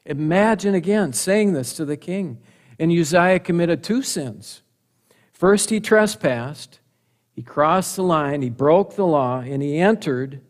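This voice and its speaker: A middle-aged male preacher delivers a sermon at an unhurried pace. His voice sits a little high for a man. He presses his points with repeated rhetorical questions and emphatic restatement.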